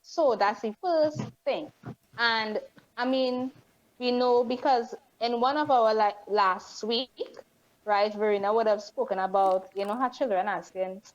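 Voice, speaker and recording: A woman's voice: on the high side, a little slow. Woman co-hosting a chat. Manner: conversational, asks the audience for agreement. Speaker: co-host. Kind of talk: casual discussion. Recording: dull lo-fi sound.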